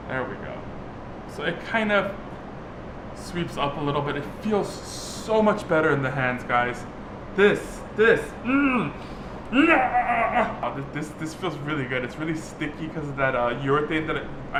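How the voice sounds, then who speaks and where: A man's voice: on the high side, noisy background. A man vlogging casually about a DIY project in his home workshop, talking with lots of fillers and restarts. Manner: chatty, filler-heavy, restarts often. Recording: roomy workshop, music playing underneath.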